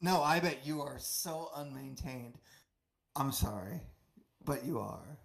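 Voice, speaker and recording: A man in a loose, unscripted stream chat, cursing freely and wandering from point to point. He talks at an ordinary middle pitch, circling back on himself and running himself down as he goes. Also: expressive, slow, vocal fry. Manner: profane, rambling, self-deprecating. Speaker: departing radio show guest.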